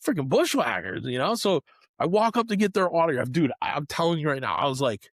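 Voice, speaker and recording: A middle-aged man co-hosting a podcast, telling stories in an animated way and often saying "man" and "dude". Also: a little high, fast, no room sound, clean studio sound. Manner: animated storyteller, swears, says "man" and "dude" a lot. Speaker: podcast co-host. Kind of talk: casual chat.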